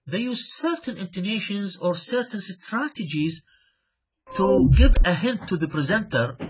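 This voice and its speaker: Male lecturer, lively pitch. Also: a little slow, background noise. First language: Arabic. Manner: repeats himself, checks with "right?", switches into Arabic asides. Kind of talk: classroom lecture. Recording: dull lo-fi sound.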